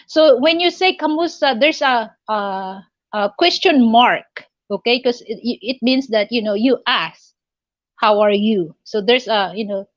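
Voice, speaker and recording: A Filipino woman whose first language is Tagalog, hosting a casual live chat, speaking haltingly with many fillers and little chuckles. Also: medium pitch, dry recording, lo-fi sound. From Philippines. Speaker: livestream host.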